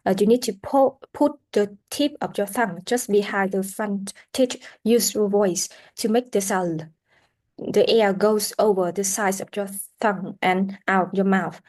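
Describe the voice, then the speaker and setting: Female pronunciation teacher, mid-pitched, halting delivery with fillers, models sounds over and over. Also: darkish tone. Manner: halting, with many fillers, repeating sounds and words for practice. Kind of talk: classroom pronunciation lesson.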